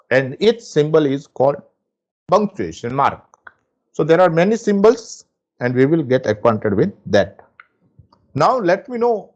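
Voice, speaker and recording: A man teaching a lesson from slides, explaining slowly and repeating himself. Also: medium pitch, darkish tone, muffled recording. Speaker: English teacher. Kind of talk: slide lecture.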